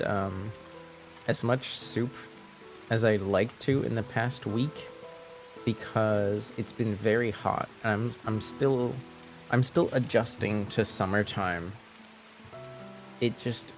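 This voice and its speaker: Young french canadian man, streamer chat, unhurried, halting, soft, faint music underneath. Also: fairly low pitch. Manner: hesitant, many restarts, soft-spoken. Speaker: livestream host. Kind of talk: casual chat with viewers. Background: faint background music.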